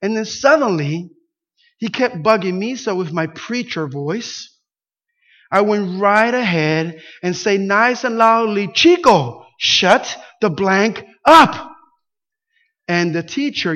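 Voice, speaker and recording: Pastor, male, Spanish speaker, high voice, animated storyteller, lo-fi recording. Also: a little slow. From Puerto Rico. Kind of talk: sermon with a personal story. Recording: dull lo-fi sound.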